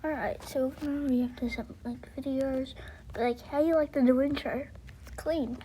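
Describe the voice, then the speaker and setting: Laid-back woman with a mellow voice. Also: high voice, steady tone, moderate pace, slight background noise, rough recording. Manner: laid-back, filler-heavy chat. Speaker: reaction video host. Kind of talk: casual reaction commentary.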